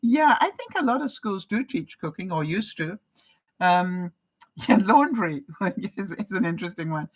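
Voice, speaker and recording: An older Canadian woman with a mid-range, husky voice chats casually with her viewers live, responding to their comments. Animated and a little slow, she laughs often and keeps asking them questions, all in a low-quality recording.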